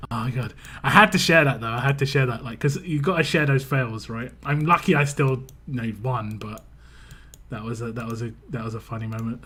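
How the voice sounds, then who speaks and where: A man's voice: mid-range voice, normal speed, pushed and bright, husky. Rambling British man streaming live. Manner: rambling, repeats words, reads chat aloud. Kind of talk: casual live-stream chat.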